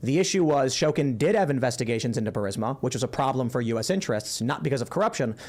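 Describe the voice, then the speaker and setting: A man argues his side in a heated debate, insistent and steady. He presses his opponent with pointed yes-or-no questions. His voice has an ordinary middle pitch. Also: fast.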